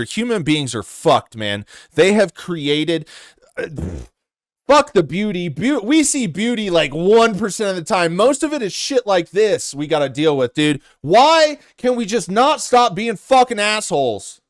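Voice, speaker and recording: Young man, high-pitched voice, exasperated swearing rant, dry close sound, reaction commentary. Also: very animated, a little slow, no echo. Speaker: commentary host.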